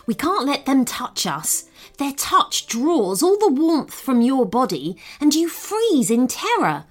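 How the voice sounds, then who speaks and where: A smug little magic mouse barks and snaps his orders in a storybook tale, as a woman puts him on. The voice sits a touch high and swings widely in pitch. Soft music plays faintly behind. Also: sing-song, exaggerated voice. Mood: bossy. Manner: snappish, brisk, commanding.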